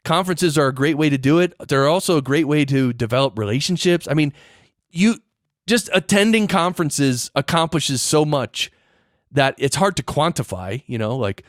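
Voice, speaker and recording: A man's voice: on the high side, expressive, moderate pace, no echo, clean studio sound. A man hosting a podcast, explaining things in a casual, chatty way with lots of fillers and restarts. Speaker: podcast host. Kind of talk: casual solo podcast talk.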